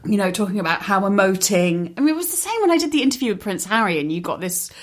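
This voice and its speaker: A woman, a guest author talking in a chatty, animated way and laughing often. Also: mid-range voice, fast. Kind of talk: casual chat.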